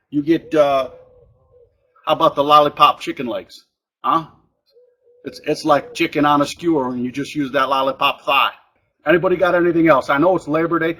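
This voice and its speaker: A man with a slightly high-pitched voice delivers a comedic tips monologue as a cooking show host. He talks in a folksy, pumped-up way and keeps checking in with the listener. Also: fairly bright tone, husky, poor audio. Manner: folksy and pumped, keeps tacking on "all right?".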